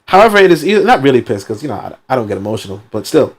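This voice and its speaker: A man reading a book aloud and breaking off into animated, sarcastic commentary. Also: mid-range voice, very fast, husky. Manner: animated, sarcastic asides, many fillers.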